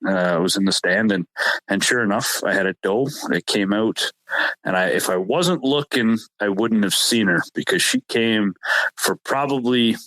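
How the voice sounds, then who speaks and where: Low-voiced man telling a hunting story. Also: a bit bright, dry recording, low-quality recording. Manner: halting, repeats words and restarts often. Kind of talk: casual storytelling chat.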